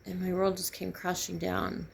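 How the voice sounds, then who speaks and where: A middle-aged woman telling a painful personal story in halting, grieving, raw speech. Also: on the low side, completely flat delivery, creaky, a little hiss or hum. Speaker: vlogger sharing a personal story. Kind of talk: candid personal testimony.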